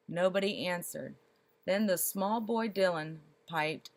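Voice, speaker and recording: Brief: female storyteller, a touch low in pitch, expressive read-aloud that lingers on funny details. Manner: expressive, slows for comic detail.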